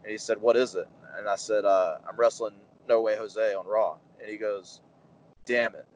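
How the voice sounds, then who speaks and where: A man in his thirties, a wrestler as interview guest, telling animated stories and acting out the dialogue with lots of fillers. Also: on the low side, normal speed, a little hiss or hum, rough recording. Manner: animated anecdotes, acts out quoted dialogue, many fillers. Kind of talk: casual storytelling interview.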